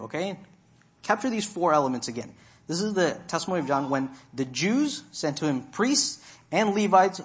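Male preacher, slightly high, very animated pitch, deliberate emphatic sermon delivery. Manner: emphatic, deliberate, stretches key words for stress. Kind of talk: expository sermon.

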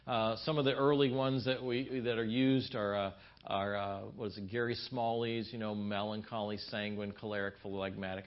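Middle-aged pastor guy telling marriage stories, dull lo-fi church audio, does his wife's voice sometimes. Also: medium pitch. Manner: storytelling, acts out his wife's lines in raised voice. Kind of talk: sermon at a marriage seminar.

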